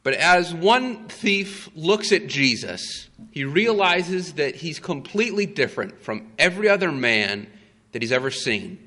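A man preaching a sermon, telling the story slowly and with emphasis, with frequent "uh" fillers. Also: fairly high pitch, big pitch swings, sharp tone. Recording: long hall reverb.

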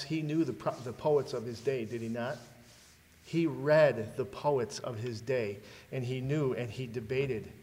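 A man's voice: medium pitch, a little mellow. A man preaching a sermon, asking the congregation rhetorical questions and giving dramatic readings. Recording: long hall reverb.

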